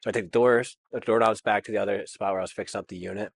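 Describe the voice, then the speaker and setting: A man low-voiced, rapid, rambling landlord anecdote, dry close sound. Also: steady tone, vocal fry, no echo. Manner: rambling, many fillers, laughs nervously. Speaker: landlord guest. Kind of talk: casual storytelling.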